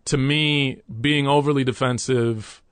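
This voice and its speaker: A man as an interview guest, candidly recounting a workplace conflict in an earnest, halting way with many restarts. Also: medium pitch, fairly even intonation, a bit bright, clean tone, dry recording.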